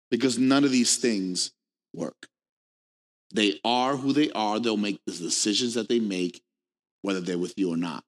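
Animated male preacher in a reverberant hall. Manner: animated, playful, acts out quoted people in higher voices. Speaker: pastor. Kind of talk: sermon.

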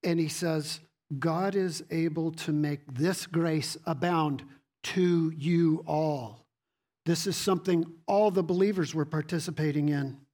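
A preacher speaks to his congregation at a slightly slow pace, his mid-range voice steady in tone and a little mellow. Teaching through his sermon, he reads scripture aloud, asks rhetorical questions, and repeats words.

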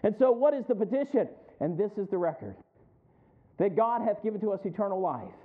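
A man's voice: high voice, very animated, fairly quick. A male pastor preaching a sermon, rising in emphasis and calling out to the congregation for responses. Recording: tinny phone-like sound.

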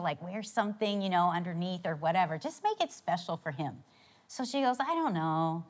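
A woman's voice: lowish voice, animated, brisk. A middle-aged woman co-hosting a marriage talk, telling a story about leading a Bible study. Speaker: co-host, Bible study leader.

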